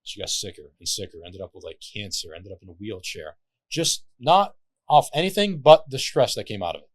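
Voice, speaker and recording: A man of Lebanese background, a podcast guest, telling stories in casual chat with lively swearing. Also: on the low side, brisk, dry recording. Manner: animated storyteller, swears casually.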